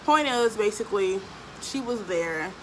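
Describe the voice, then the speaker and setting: A woman's voice: mid-range voice, animated, measured pace, a little hiss or hum, low-quality recording. A young adult woman telling a personal story for her vlog, blunt and profane, with lots of fillers. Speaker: vlogger.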